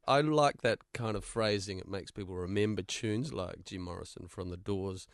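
A man's voice: deep voice, a little slow, vocal fry, hardly any pauses, no room sound, studio quality. A man in a casual podcast interview, rambling wryly and chuckling as he talks. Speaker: musician guest.

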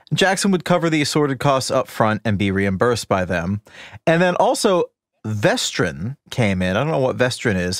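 A man's voice: mid-range voice, dry recording, studio quality. A man co-hosting a podcast, reading out notes in a wry, conversational way. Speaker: podcast co-host. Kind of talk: casual chat, reading notes.

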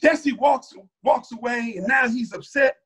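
A man with a high, bright voice and a husky edge tells his testimony as a story. He talks loosely and colloquially, with plenty of energy, and jumps into other people's voices as he goes. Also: a little slow. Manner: animated, colloquial, acts out other people's lines. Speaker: mosque captain. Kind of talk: personal testimony told as a story.

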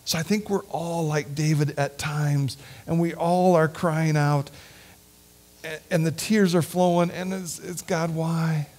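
A man preaching a sermon and leading a prayer in a church, earnest and heartfelt, sometimes sinking to a hushed whisper. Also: on the high side, fairly even intonation, a little slow. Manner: earnest, drops to a hushed whisper at tender points. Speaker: lay preacher. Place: church sanctuary.

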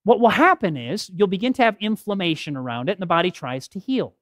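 A middle-aged man giving a health talk at a church podium, telling stories with lively acted quotes. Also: high-pitched, fast talker, no room sound, studio quality. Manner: animated storytelling with acted quotes. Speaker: health seminar speaker. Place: church hall. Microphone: podium mic.

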